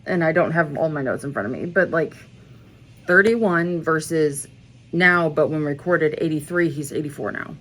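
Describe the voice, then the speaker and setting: A woman's voice: low voice, normal speed, a bit bright. A woman talking in a casual music-commentary vlog, blunt and profane, rambling with asides and self-corrections. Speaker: music vlogger.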